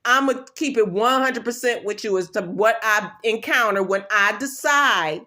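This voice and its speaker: A woman's voice: fairly high pitch, normal speed, sharp tone. A woman vlogger giving an emphatic, repetitive motivational talk in blunt, slangy everyday speech. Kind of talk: motivational pep talk to camera.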